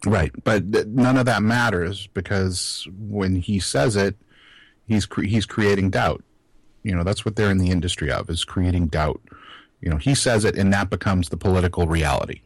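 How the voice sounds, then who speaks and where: A man co-hosting a casual talk radio podcast, speaking in a calm, measured and skeptical way. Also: sits low, breathy edge, no echo. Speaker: co-host.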